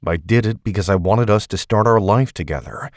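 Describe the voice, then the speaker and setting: A man's voice: fairly low pitch, fairly quick, no echo, clean studio sound, natural voice. Narrator voicing a tired, snappish man. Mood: heated, defensive. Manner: snappish and defensive. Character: tired, defensive man, snapping ex-field agent.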